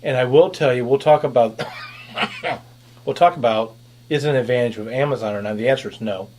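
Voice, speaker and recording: A man's voice: medium pitch, fairly quick, a little mellow, a little hiss or hum. A man hosting a podcast panel, talking animatedly with sarcastic asides. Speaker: podcast host and producer. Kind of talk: casual panel chat.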